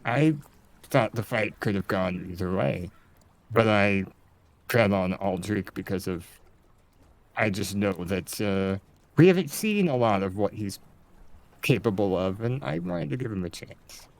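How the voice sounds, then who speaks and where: A man's voice: fairly low pitch, animated, a little slow, vocal fry. A man playing a tabletop role-play game, speaking with many hesitations. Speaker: player. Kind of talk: in-character table chat.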